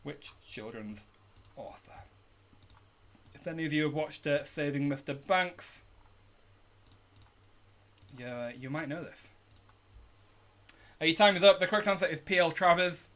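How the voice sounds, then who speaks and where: A British man with a slightly high voice hosts a live online pub quiz. He keeps an upbeat tone as he reads out questions and shout-outs to teams, recorded at a home streaming setup. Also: moderate pace, pauses often. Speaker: quiz host.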